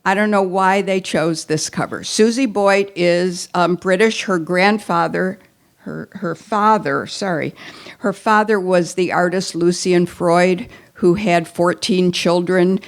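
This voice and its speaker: A woman's voice: fairly low pitch, steady tone, takes it slowly. An older woman giving a live talk that recommends books, chatty and enthusiastic, with many fillers and restarts. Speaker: book recommendation speaker. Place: event hall at a breakfast gathering.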